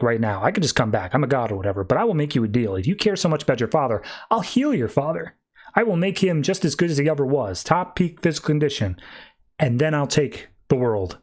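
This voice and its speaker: A man's voice: on the high side, darkish tone. Man voicing a taunting jackal god. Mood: bargaining. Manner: taunting, mocking. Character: menacing jackal-headed death god, boastful.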